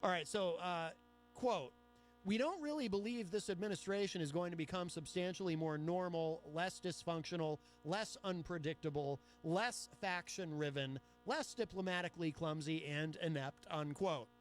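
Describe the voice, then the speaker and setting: A man's voice: fairly high pitch, normal speed, slight background noise. A man hosting a talk radio show, reading news aloud with chatty, sarcastic asides. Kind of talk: solo talk radio commentary.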